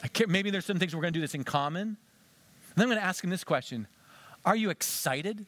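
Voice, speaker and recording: A male pastor giving an animated sermon, acting out conversations with a volunteer on stage. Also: high-pitched, a little fast.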